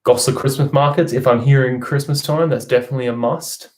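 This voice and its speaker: A man's voice: medium pitch, fairly even intonation, fairly quick. A young Australian man chatting casually on a live stream, reading out and answering viewer comments. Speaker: vlogger.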